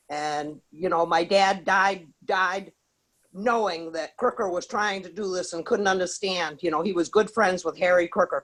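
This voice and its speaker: A woman's voice: on the low side, fairly bright tone, low-quality recording. A woman with a Maine accent, calling in to a town meeting to give an angry, emphatic public comment. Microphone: remote call-in.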